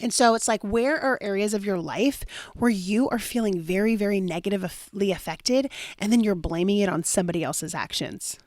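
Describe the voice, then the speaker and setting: A woman's voice: medium pitch, moderate pace, a little mellow, no echo. A young adult woman hosting a solo podcast as a life coach, telling a story with lots of fillers and dramatic quoted asides.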